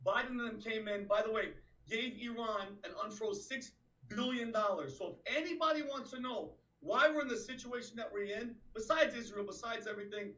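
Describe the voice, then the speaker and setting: A man's voice: high-pitched, moderate pace, pushed and bright, reverberant, recorded from a distance, poor audio. A man co-hosting a live stream, giving casual political commentary and starting his points hesitantly with fillers and restarts. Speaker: co-host of the stream.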